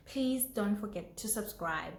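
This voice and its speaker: A young South African woman vlogging to camera, bubbly and giggly, with sudden high exclamations. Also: lively intonation, a little slow, gravelly, roomy sound. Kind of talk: casual chat to camera.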